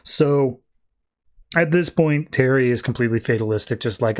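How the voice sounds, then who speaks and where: A man's voice: mid-range voice, normal speed. A man hosting a podcast, casually retelling a plot in a loose style full of fillers. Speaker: podcast host. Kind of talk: casual comics recap.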